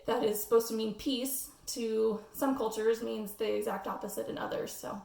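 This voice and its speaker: Casting: American woman with a gravelly edge and a flat tone, student presenter, hesitant, heard from off-mic. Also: on the high side, moderate pace, distant mic. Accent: General American. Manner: hesitant, many "um" fillers. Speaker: student presenting a class assignment. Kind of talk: casual spoken class presentation. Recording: echoey room, voice off-mic.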